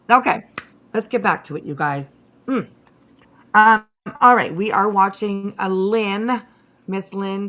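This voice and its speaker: A livestream host with a mid-range, slightly bright voice rants bluntly and profanely at her viewers. She keeps addressing chat directly, stumbling through lots of fillers and restarts.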